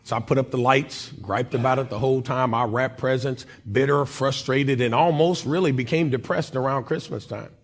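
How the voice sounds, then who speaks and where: Husky man telling a personal story. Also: moderate pace, hardly any pauses. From Oklahoma, USA. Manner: dramatic storytelling with wide swings in loudness and pitch. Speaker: guest speaker. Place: church chapel.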